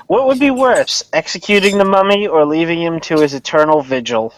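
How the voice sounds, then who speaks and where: A man's voice: on the high side, brisk, noisy background. A man playing a tabletop game, narrating his character's choices hesitantly with fillers. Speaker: player. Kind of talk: casual game chat.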